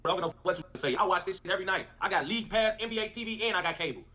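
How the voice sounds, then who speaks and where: A man's voice: sits high, very fast. A man delivering a profane, repetitive livestream rant. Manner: animated, repetitive, cursing.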